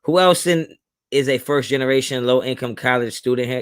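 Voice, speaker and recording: A young guy runs a live stream, casually reading out viewer chat in a relaxed, slang-heavy way. He laughs a lot, his pitch bounces up and down, and he talks briskly with a clean tone.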